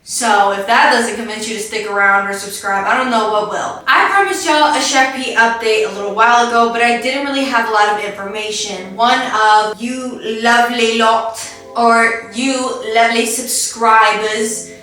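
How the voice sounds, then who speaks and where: A woman's voice: fairly high pitch, brisk, hardly any pauses, pushed and bright. Sarcastic chatty woman in an echoey room. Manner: chatty, joking, sarcastic asides. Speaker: podcast host. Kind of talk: casual reaction commentary. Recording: echoey room, distant mic, faint music.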